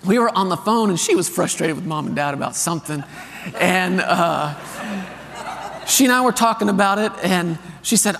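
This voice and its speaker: High-voiced preacher man in a big hall. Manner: animated storytelling, reads scripture with slow emphasis. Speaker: pastor. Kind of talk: sermon. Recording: long reverb of a large hall.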